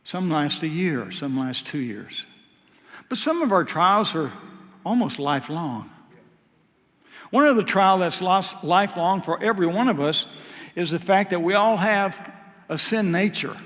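A male preacher delivers an impassioned sermon in a high voice. He surges to loud, emphatic peaks and then sinks into soft, low asides. The long reverb of a large church hall trails every phrase. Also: animated, unhurried.

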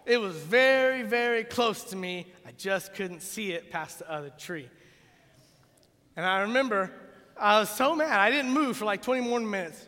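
High-voiced man preaching in a hall. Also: a little slow. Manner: animated, joking storyteller. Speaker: pastor. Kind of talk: sermon with storytelling. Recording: long reverb in a big hall.

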